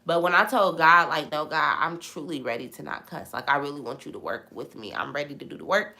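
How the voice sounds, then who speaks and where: A young woman with a bright, forceful tone and a slightly low pitch talks through scripture in a relaxed live-stream chat. She preaches in an animated way, circling back to the same lines for emphasis. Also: a little fast, vocal fry. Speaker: host of a live Bible chat. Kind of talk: casual live-stream Bible talk, reading viewer comments.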